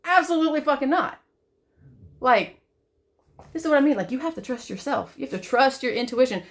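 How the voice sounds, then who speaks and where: A woman speaking in a fairly high voice in a raw, emotional vlog monologue. She curses freely and repeats phrases over and over, shifting between loud outbursts and hushed, gentle reassurance. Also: a little fast. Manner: swears often, repeats herself, swings from loud to soft. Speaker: vlogger.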